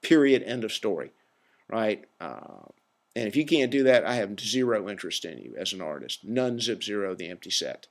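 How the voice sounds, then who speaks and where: On his own podcast, a man rambles through an opinionated, self-mocking rant in a casual, self-aware way. He speaks on the low side at a moderate pace, his voice creaky and sing-song.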